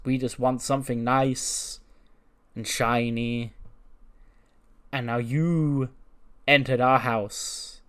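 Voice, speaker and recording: A man voicing a sly, teasing spooky witch wrestler in a slow drawl while recapping a wrestling simulation game. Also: mid-range voice, fairly even intonation, a bit bright, smooth.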